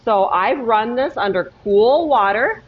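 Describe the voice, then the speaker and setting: A woman's voice: a little high, expressive, unhurried, husky, highs cut off. A woman teaching a cooking lesson in her kitchen, talking step by step and often checking in with "okay?". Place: home kitchen.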